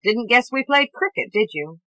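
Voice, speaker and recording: A bluff, boastful middle-aged man, as a woman narrator puts him on, bursts out in clipped, old-fashioned slang. His voice climbs high and loud when he brags. The reading sounds dry and close. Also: lively intonation, normal speed, no room sound, poor audio.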